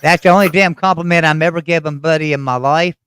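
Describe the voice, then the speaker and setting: A man's voice: on the high side, fairly even intonation, fast, a bit bright, clear, resonant tone, no room sound. A man with a West Virginia Appalachian accent, hosting a casual chat and telling rambling, folksy stories. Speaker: host.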